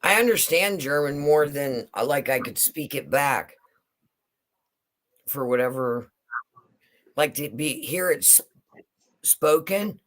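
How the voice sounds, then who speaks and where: A woman's voice: low-pitched, animated, takes it slowly, long pauses. Chatty woman telling family stories. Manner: chatty storyteller, imitates her grandmother's phrasing. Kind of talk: casual chat.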